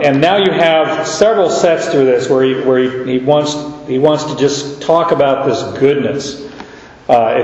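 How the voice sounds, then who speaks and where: Slow-speaking male pastor in an echoey hall. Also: fairly high pitch. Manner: slow, halting teaching with repeated words. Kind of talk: verse-by-verse sermon. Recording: echoey hall, dull sound.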